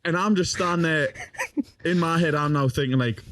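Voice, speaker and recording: A man's voice: fairly high pitch, normal speed, fairly bright tone, a little hiss or hum. A young man, a podcast guest, telling a funny story in casual talk, swearing often and laughing as he goes. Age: young adult.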